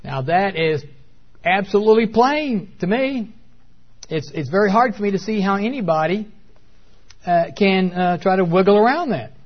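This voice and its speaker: A man teaching from the Bible in a sermon, pausing often with fillers and pressing hard on key words. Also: high-pitched, animated, dull audio. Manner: hesitant with many fillers, emphatic on key words. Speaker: preacher.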